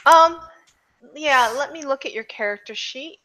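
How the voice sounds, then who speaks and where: A woman's voice: high-pitched, measured pace, pushed and bright. A woman narrating a tabletop game as game master, in a loose, filler-heavy way with frequent restarts.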